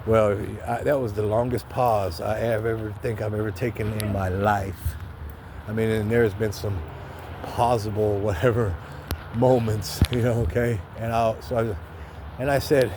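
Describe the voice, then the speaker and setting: A man's voice: on the low side, steady tone, normal speed. An older man casually telling a story from his own life, rambling and candid, swearing and acting out what people said, recorded on a phone outdoors by a street. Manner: rambling, candid, restarts often, swears, acts out quotes. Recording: faint street noise outdoors.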